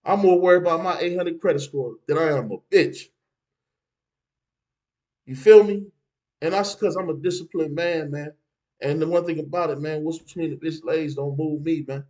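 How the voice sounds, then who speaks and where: A man's voice: fairly high pitch, moderate pace, mellow, rough recording. A man giving street advice in a casual, preachy monologue, dropping "man" between phrases.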